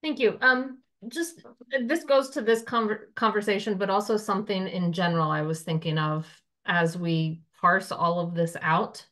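A woman town councilor asking a question at a committee meeting, thinking aloud with halting restarts. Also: mid-range voice, steady tone, a bit bright.

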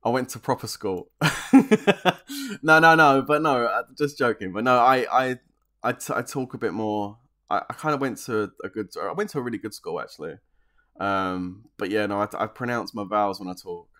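A man's voice: lowish voice, moderate pace, bright, forceful tone. A man with an English accent from southeast England, chatting casually on a game live stream, rambling, reading out comments and laughing often.

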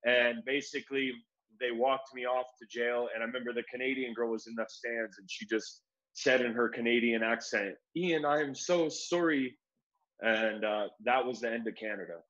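A young man from the United States, an MMA fighter, tells a long story in loose, slangy talk, throwing in "like" and "bro" as he goes. His voice sits at an ordinary middle pitch for a man. The recording sounds a little dull and lo-fi. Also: little pitch movement, moderate pace, sharp tone. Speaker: MMA fighter being interviewed. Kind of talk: casual storytelling.

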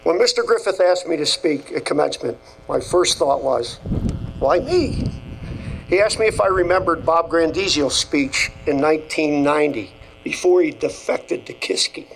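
A man's voice: on the high side, normal speed, vocal fry, a bit bright, slight background noise, poor audio. An older man, a school athletic director, giving a commencement address in a folksy, off-the-cuff storytelling way with repeated phrases. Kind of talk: graduation speech.

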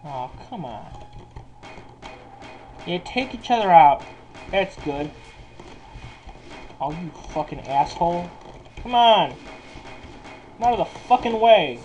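Slow, mellow-voiced man swearing at a game. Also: high voice, sing-song, dull audio, a little hiss or hum. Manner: profane, cursing constantly. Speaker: gameplay commentator. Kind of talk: casual game commentary.

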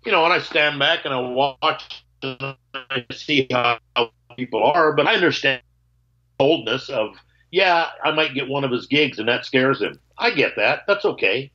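A man's voice: mid-range voice, animated, moderate pace, pushed and bright, muffled recording, faint music behind. A man, a guitarist, telling candid stories on a call. He acts out both sides of old conversations and swears freely. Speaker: guitarist guest.

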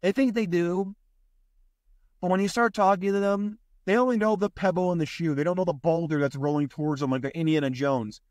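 A man with a high voice rants bluntly on his podcast, swearing freely and dripping with sarcasm. The sound is close and dry, with no room around it. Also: a little fast, darkish tone, no echo. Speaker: podcast host. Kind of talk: ranting podcast monologue.

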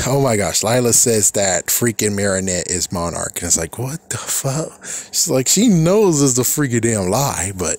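A man's voice: fairly low pitch, darkish tone. A man casually recapping a cartoon episode, exasperated and swearing, often laughing at the characters. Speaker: cartoon reaction commentator.

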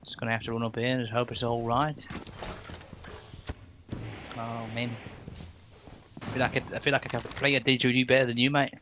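A man's voice: medium pitch, little pitch movement, fairly quick, long pauses. A young man talking casually while gaming, joking back and defending himself. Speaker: gamer. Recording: noisy game chat audio.

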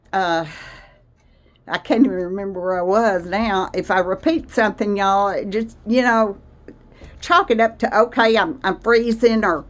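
A woman talks to her viewers at an easy, unhurried pace, her voice sitting in a mid range. She rambles from one thought to the next and laughs often. She sounds a little out of breath as she chats from her cottage kitchen. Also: medium pitch. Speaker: vlogger. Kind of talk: casual chat to viewers.

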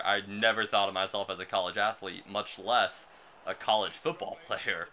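Young american guy, slightly low voice but crisp and bright, rambles about his life over a soccer game. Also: steady tone, a little fast. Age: young adult. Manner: rambling, self-deprecating, reacts to the game mid-story. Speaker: gaming channel host. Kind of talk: casual gameplay commentary with storytelling.

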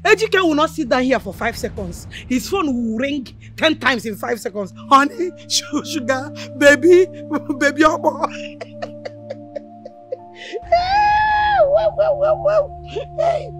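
A woman's voice: high-pitched, lively intonation, measured pace, a bit bright, soft background music. An actress with a Nigerian accent playing an older mother who scolds and mocks her son, laughing between taunts. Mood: gloating. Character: mocking scolding Nigerian mother, loud and gloating.

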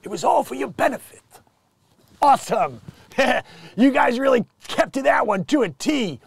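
A man hosting a comedy news show, riffing and rambling with jokey asides between loud bursts and mutters. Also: very high voice, lively intonation, normal speed, creaky, husky, dry recording.

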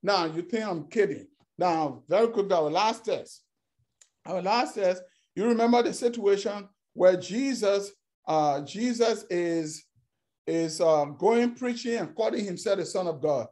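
A man's voice: high voice, measured pace, a little mellow. A man preaching a sermon, speaking emphatically, repeating phrases and acting out the quoted dialogue.

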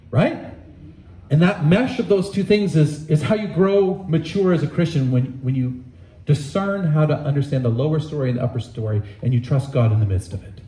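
A man's voice: medium pitch, warm tone, roomy sound, low-quality recording. A man preaching a sermon in a conversational, emphatic way, with candid asides, in a church. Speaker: pastor. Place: church sanctuary.

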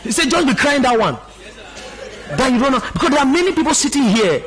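A pastor preaching, passionate and often shouting out exclamations between scripture quotes. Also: male voice, very high voice, very animated, quick pace, some chatter behind. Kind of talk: sermon.

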